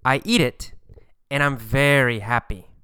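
A man narrating a scripted story for learners in a slow, deliberate, clearly enunciated way. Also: medium pitch, bright, forceful tone, no echo.

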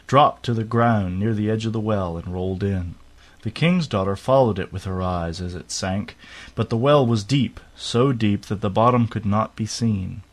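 A man narrating a fairy tale aloud in a steady, unhurried storytelling manner. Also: lowish voice.

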